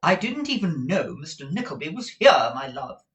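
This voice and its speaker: A raised, lilting voice plays a coy, pouting lady of fashion, as a male reader puts her on. She speaks primly and sweetly with a lively, sing-song rise and fall. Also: a little high, normal speed, echoey room, pitched above the performer's own voice. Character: prim, pouting fashionable wife, milliner.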